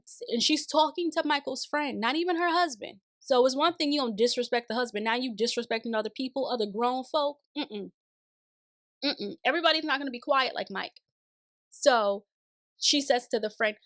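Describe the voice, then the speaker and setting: A woman's voice: high-pitched, moderate pace, fairly bright tone, no echo, clean studio sound. A young woman recapping a reality show in casual, sassy commentary with exasperated, opinionated asides.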